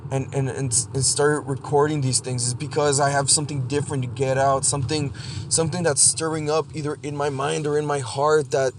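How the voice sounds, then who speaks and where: A man hosting a solo podcast monologue, blunt and profane, halting and restarting as he talks. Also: fairly high pitch, flat delivery, slight background noise. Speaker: podcast host.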